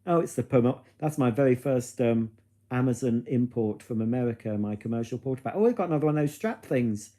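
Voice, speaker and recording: Male live-stream host, camp and gossipy, innuendo-laden chatter, warm mellow voice. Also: medium pitch, lively intonation, fast talker. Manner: camp, cheeky, full of innuendo; chatty and gossipy, musing aloud. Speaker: livestream host reading viewer comments. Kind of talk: casual chat to a live audience.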